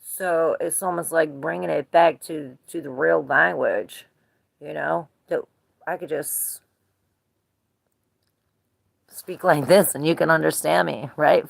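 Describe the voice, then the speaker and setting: A woman's voice: low-pitched, steady tone, measured pace, vocal fry. A woman in her forties giving a live tarot reading in a rambling, casual way, greeting viewers as she goes. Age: 40s. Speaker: tarot reader.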